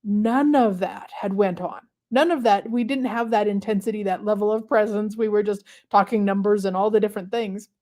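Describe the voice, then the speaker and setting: Mellow-voiced woman reflecting heartfelt. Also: medium pitch, steady tone. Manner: reflective and heartfelt, with many pauses and fillers. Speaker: host of a manifestation livestream. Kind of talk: casual live talk to viewers.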